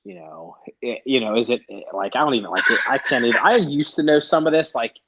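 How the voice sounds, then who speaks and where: A man's voice: medium pitch, animated, fairly quick, fairly bright tone. A man hosting a podcast in casual chat, rambling, profane and often cutting himself off. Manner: rambling, profane, self-interrupting. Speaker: podcast host. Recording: dull lo-fi sound.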